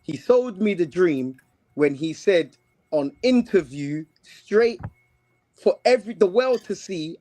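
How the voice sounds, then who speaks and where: A man talks football in a loose, animated way, throwing in slang and circling back over his own words. His voice sits high for a man. The chat is relaxed and unscripted. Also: slow pace. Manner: animated, heavy slang, repeats himself. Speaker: co-host.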